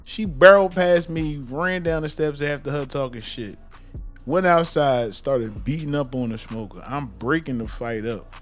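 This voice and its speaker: A man in a casual podcast chat, telling a story in an animated, profane way and acting out screams. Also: on the high side, normal speed, faint music behind.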